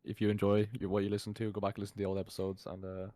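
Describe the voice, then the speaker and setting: Young man, low-pitched, dry close sound, rambling casual chat, swears a lot. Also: completely flat delivery, rapid-fire, dark tone, dry recording. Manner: rambling, sweary, laughs often. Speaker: podcast co-host.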